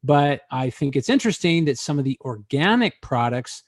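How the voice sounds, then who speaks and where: A man's voice: mid-range voice, normal speed, hardly any pauses, darkish tone, dry recording, studio quality. A man hosting a casual talk show, joking and rambling with many hesitations. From Arizona. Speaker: host.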